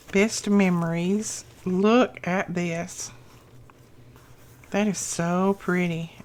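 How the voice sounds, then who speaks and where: Middle-aged woman, craft vlog host, unhurried delivery, effusive, gushing over every item. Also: mid-range voice, a little hiss or hum. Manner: slow, lingering delivery. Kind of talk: unboxing happy mail.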